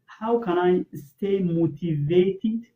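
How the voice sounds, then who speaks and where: Speaking slowly in a voice that sits high, a man from Afghanistan hosts an interview over a tinny-sounding line. He poses his questions hesitantly, filling pauses often.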